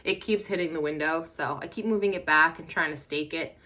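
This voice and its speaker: A woman's voice: low voice, fairly quick, pushed and bright. Chatty woman losing her voice. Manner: chatty and rambling, with many fillers and self-corrections. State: losing her voice, clearing her throat. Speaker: orchid grower and vlogger. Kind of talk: casual show-and-tell vlog. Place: indoor home grow room. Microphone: handheld camera moved around the room.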